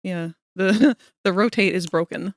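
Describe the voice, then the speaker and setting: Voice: mid-range voice, a little slow, dry recording, clean studio sound. A streamer giving casual live commentary while playing, swearing now and then and picking apart game bugs in technical terms.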